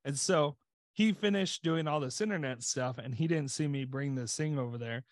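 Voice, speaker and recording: A man's voice: a little high, moderate pace, no echo, studio quality. A man co-hosting a podcast, telling a story in casual chat with lots of "like" fillers. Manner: rambling storyteller, many "like" fillers. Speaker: podcast co-host.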